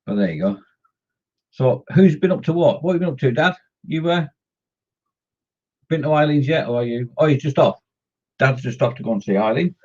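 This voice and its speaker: A man with a slightly husky voice chats away on a hobby live stream, calling out to viewers and cracking small jokes. His pitch sits in the middle for a man. The sound is muffled and lo-fi, like a cheap home microphone. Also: lively intonation, moderate pace, pauses often, mellow. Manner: chatty, greets viewers by name, jokey. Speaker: scale model hobby streamer. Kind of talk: casual live-stream chat while modelling.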